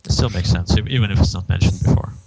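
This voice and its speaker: A man co-hosting a casual podcast chat, measured and thinking aloud. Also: low voice, vocal fry, darkish tone, slight background noise, poor audio. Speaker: podcast co-host.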